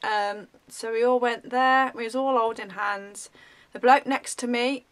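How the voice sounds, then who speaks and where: A woman vlogger telling a story in a rambling, animated way, full of ums. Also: on the high side, unhurried. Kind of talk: casual storytelling.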